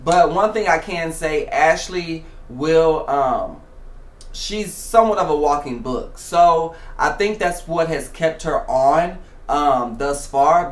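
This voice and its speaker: A man hosting a show, giving casual reality TV commentary in a chatty way, with many fillers and restarts. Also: on the high side. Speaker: show host. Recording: echoey room.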